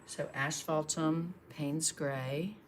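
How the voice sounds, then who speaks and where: A woman's voice: sits low, steady tone, drawn-out words, slight background noise. A woman, chatting and encouraging while she demonstrates painting on a livestream.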